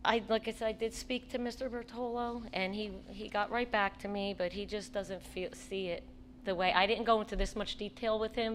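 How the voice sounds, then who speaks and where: A woman makes an earnest, pleading case as a parent at a school board meeting, her voice at a middle pitch. She speaks with feeling, halting and restarting as she goes, and a faint hum of room noise sits behind her. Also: a bit bright. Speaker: parent speaking at public comment.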